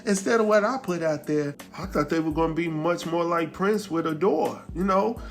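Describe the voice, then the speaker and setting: Animated man recapping an episode. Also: on the high side, moderate pace, vocal fry, faint music behind. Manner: animated storytelling, acts out characters' lines; slangy, laughs at his own jokes. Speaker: recap show host.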